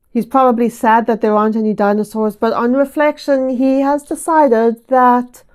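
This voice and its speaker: Wry woman with a fairly high voice. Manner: wry, amused, deadpan asides. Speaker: host of a writing channel. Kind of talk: reaction commentary.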